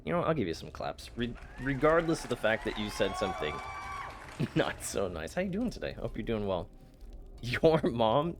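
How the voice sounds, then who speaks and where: A man's voice: medium pitch, very animated, moderate pace, soft background music. A man streaming a game, chatting casually with his chat, playful and teasing, often laughing and stammering. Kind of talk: casual live-stream chat while gaming.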